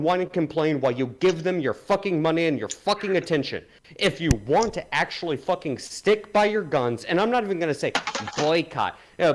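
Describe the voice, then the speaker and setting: A man's voice: fairly high pitch, slight background noise, rough recording. A man co-hosting a livestream, delivering an angry, profane rant. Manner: angry, swearing, emphatic. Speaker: podcast co-host.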